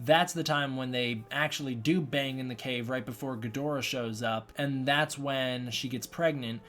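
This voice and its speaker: A man's voice: medium pitch, moderate pace, few pauses, a bit bright. A man giving a casual spoken film review, rambling and often restarting his sentences. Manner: rambling, repeats and restarts himself.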